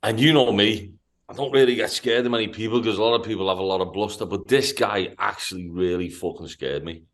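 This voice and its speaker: Man, Liverpool accent, low voice, swearing storyteller, lots of stammered restarts, casual podcast chat. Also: fairly quick. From Liverpool, England. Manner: profane, animated anecdote-telling with stammered restarts. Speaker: podcast host.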